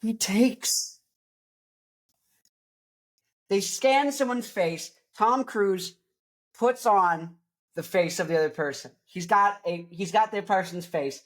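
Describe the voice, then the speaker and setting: A woman's voice: medium pitch, a little slow. A woman podcast host telling a rambling, absurd comic story, often stopping to correct herself and drift onto side points. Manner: tangential, self-correcting, jokey absurd riffing.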